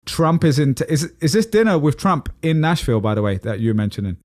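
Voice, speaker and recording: A man's voice: on the high side, animated, brisk, darkish tone, dry recording, clean studio sound. A man co-hosting a casual podcast chat, talkative and easy to laugh, steering the topics and asking his co-host questions. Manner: chatty, laughs easily, asks co-host questions.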